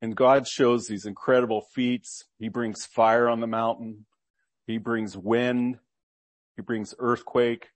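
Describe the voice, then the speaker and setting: A male preacher delivers a sermon at a medium pitch, reading scripture aloud and then unpacking it for his listeners. He teaches earnestly and keeps asking rhetorical questions. The sound is dry and close, with no room echo. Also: steady tone, slow pace.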